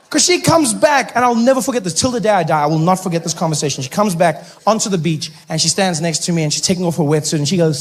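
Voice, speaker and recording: A man with a South African accent doing stand-up comedy, telling a story with animated bursts and mock outrage. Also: sits high, fast, few pauses.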